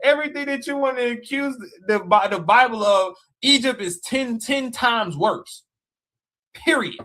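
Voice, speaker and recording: A man's voice: extremely high pitch, unhurried, bright, forceful tone. A man in a heated livestream rant, mocking and challenging, repeating his dares. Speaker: live stream guest debater. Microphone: live stream call mic.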